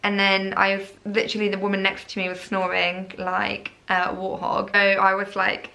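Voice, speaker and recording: A woman's voice: mid-range voice, completely flat delivery, moderate pace, creaky, pushed and bright. A young woman vlogger telling her birth story in casual chat, rambling with lots of "like" and "um". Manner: chatty, rambling, full of "like" and "um".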